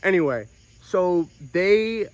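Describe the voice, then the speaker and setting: A young man in a comedic monologue, self-important and deadpan, breaking into outraged, swearing outbursts. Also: sits high, slow. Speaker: comedic storyteller in character.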